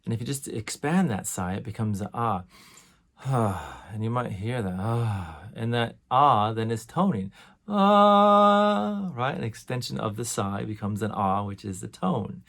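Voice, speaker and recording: A middle-aged man teaching a course on sound healing in a relaxed, conversational way. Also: fairly low pitch, normal speed, gravelly, few pauses. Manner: relaxed and conversational, demonstrates sighs and tones.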